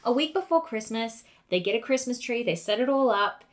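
A woman co-hosting a podcast, telling a haunting story in a casual, animated way with quick asides. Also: on the high side. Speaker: podcast co-host.

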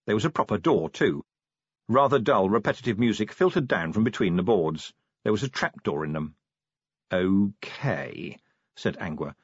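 A man narrating an audiobook in a dry, measured storytelling manner. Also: fairly low pitch, lively intonation, breathy edge, dry recording. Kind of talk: scripted narration. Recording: dull, dry audiobook recording.

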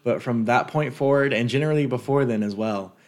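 A man co-hosting a podcast in casual chat, explaining his views in a measured, reflective way. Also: mid-range voice, darkish tone. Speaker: podcast co-host.

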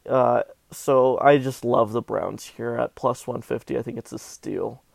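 A man's voice: mid-range voice, steady tone, measured pace, vocal fry, dry recording. A man from Southern California hosting a casual sports betting podcast, talking animatedly with melodramatic, self-mocking complaints about his bets.

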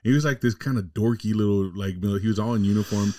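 A man's voice: lowish voice, fairly even intonation, fast, mellow, a little hiss or hum. Man telling a story in a loose, profane way. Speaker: podcast host. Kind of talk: casual chat.

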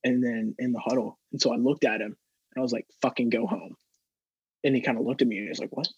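A man's voice: mid-range voice, steady tone, very fast, slightly rough, no room sound, highs cut off. A young man co-hosting a podcast, telling a story in casual chat, rambling and repeating words as he goes. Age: young adult. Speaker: podcast co-host.

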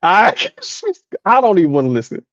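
A high-pitched man with a lively, swooping voice chats casually as a podcast co-host. He tells stories with impressions of his family and laughs often. The sound is dry and a little dull. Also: normal speed, no echo. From American South. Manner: animated storytelling, mimics relatives, laughs often. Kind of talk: casual chat.

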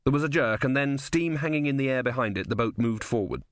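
In clean, studio-quality audio with no room sound, a man reads a novel as an audiobook. His mid-range voice carries the scripted narration in an even, measured storytelling way.

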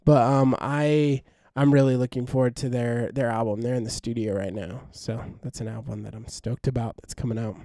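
A man's voice: medium pitch, steady tone, normal speed, hardly any pauses, dark tone, dry recording, studio quality. A young man co-hosting a podcast, chatting casually and enthusiastically, rambling with fillers and restarts. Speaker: podcast co-host. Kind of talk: casual chat.

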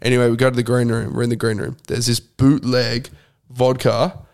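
A man's voice: mid-range voice, little pitch movement, brisk. A man co-hosting a podcast, telling a rambling story in casual chat, heavy with fillers and swearing. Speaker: podcast co-host.

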